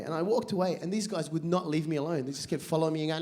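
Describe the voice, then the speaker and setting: A high-voiced man doing stand-up on a live comedy stage. He talks in quick bursts with many asides and swears freely. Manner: animated, rapid asides, lots of swearing.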